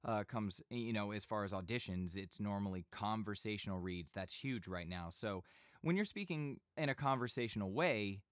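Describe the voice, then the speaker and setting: A man giving a casual voice-over tutorial in a home studio, speaking in a relaxed conversational tone into a studio microphone. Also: on the low side, moderate pace, clear, resonant tone, no room sound. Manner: relaxed conversational teaching, occasional bursts of yelling demos. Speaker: voice-over instructor.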